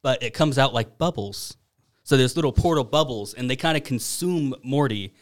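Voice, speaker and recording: A young man casually telling a long story in an animated, giggly way with lots of fillers. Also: medium pitch, moderate pace. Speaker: podcast co-host.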